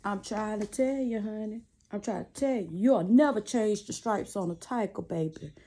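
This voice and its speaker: A woman's voice: medium pitch, normal speed, mellow. A woman chatting casually to camera from a small cluttered room at home, giving sassy, preachy relationship advice while she laces shoes. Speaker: vlogger.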